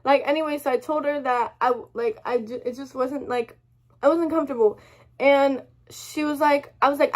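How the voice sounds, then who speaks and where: A woman's voice: high voice, fairly even intonation, moderate pace. A young woman telling a story to her camera, rambling, swearing a lot and apologizing often, upset and close to tears. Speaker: vlogger. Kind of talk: emotional storytime rant.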